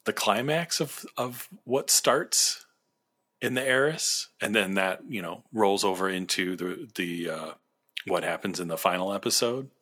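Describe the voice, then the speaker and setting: A man's voice: low voice, a little slow, bright, forceful tone. A man co-hosting a podcast, talking about a series in an enthusiastic, rambling way. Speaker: podcast co-host. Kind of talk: casual fan discussion.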